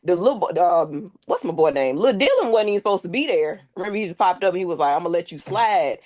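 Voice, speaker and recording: A woman's voice: fairly low pitch, sing-song, fast talker, a crowd in the background. A woman co-hosting a casual TV recap podcast, rambling and searching for words as she spins a theory. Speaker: podcast co-host.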